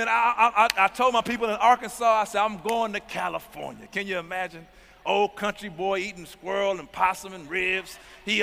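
A man preaches a testimony sermon, often calling on the congregation to answer back. His voice is high and bright with a forceful edge. The sound carries the long reverb of a large hall. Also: creaky. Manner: emphatic call-and-response preaching. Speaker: pastor.

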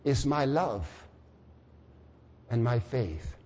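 An older man preaching a sermon, swinging from quiet musing to shouting. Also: mid-range voice, big pitch swings, extremely slow, long reverb tail.

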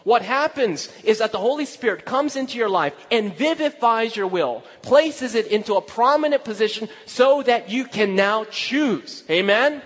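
A male pastor preaching a sermon, telling a personal story, dropping to hushed asides and rising to emphatic exclaims. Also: very high voice, expressive, moderate pace, few pauses. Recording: long hall reverb.

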